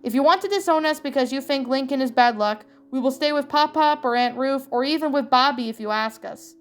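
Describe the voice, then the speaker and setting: A woman's voice: high-pitched, brisk, clear, resonant tone, lightly acted. A woman reading a protective eldest sister's lines in a fan story, stern and motherly. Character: Lori, bossy protective eldest teen sister.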